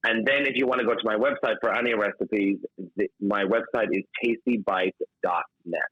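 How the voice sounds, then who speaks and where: A man's voice: fairly low pitch, fairly even intonation, normal speed, dry recording. A man, a guest chef, chatting casually in an interview and filling his talk with "like", heard over a dull remote line. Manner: chatty, heavy use of "like".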